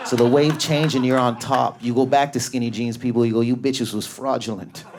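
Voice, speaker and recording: Profane, high-energy male stand-up comic. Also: steady tone, background noise. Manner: high energy, profane, neurotic, rapid riffs. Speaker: stand-up comedian. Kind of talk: stand-up comedy, riffing on an audience member. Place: comedy club stage. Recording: live club audience laughter.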